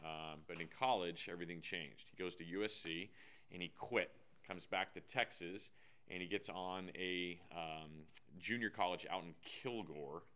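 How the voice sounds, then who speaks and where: A man giving a casual devotional talk, telling a story in a relaxed way with frequent fillers and dry humor. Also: sits low, unhurried, clean tone. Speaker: devotional speaker.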